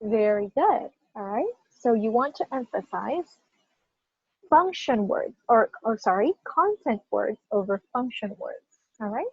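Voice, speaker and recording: A woman with a fairly high, slightly husky voice teaches pronunciation to a class. She stresses key words with emphasis and keeps checking in with her learners. The recording is dry and a bit muffled. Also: a little slow, no echo. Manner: animated, emphatic, checks in with "right?" often. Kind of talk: classroom lesson.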